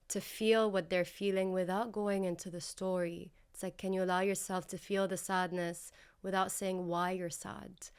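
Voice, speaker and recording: A woman guest who works as a healing practitioner, speaking in a calm, measured and reflective way. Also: fairly low pitch, clear, resonant tone. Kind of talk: thoughtful conversational talk.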